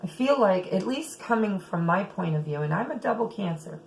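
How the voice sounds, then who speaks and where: A middle-aged woman giving a chatty tarot reading, often checking in with "okay", her throat a little rough. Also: mid-range voice, animated, moderate pace, darkish tone, a little hiss or hum, low-quality recording. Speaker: tarot reader. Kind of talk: casual tarot reading monologue.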